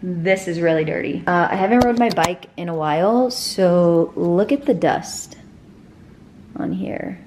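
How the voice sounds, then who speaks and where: Getting ready at home, a young vlogger chats to herself, wandering from topic to topic and swearing freely. She speaks a little slowly in a lowish, darkish voice. There's slight background noise, and the indoor sound is roomy.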